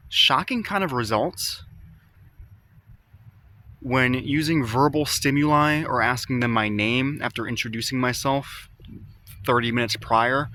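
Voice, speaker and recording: A man hosting a ghost-hunting vlog outdoors in a cemetery, talking into a phone strapped to his arm. He calls out to spirits in a slow, coaxing way and chats casually to his viewers in between. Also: mid-range voice, slight background noise. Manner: calm, slow, coaxing call-outs mixed with casual asides to viewers. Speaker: paranormal vlogger.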